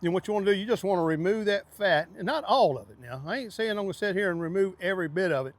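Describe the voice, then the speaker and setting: A man hosting a casual outdoor cooking demonstration, talking in a hearty, excitable way with drawn-out exclamations. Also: high voice, no room sound. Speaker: cooking show host.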